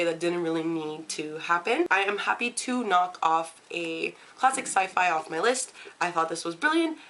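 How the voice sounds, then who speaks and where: A woman's voice: on the low side, fairly bright tone, slight background noise. A young woman reviewing books in a casual vlog, enthusiastic and full of fillers. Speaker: book vlogger.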